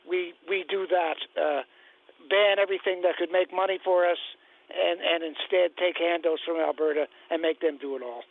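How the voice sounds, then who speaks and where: A man's voice: sits high, steady tone, normal speed, gravelly. Older man on a tinny phone line. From Nova Scotia, Canada. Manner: blunt, sarcastic, hesitant with many uhs. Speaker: caller.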